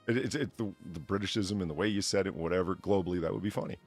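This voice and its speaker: A man's voice: low-pitched, very fast, faint music behind. A man hosting a livestream, talking casually, rambling and swearing freely. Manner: profane, rambling with restarts. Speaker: livestream host.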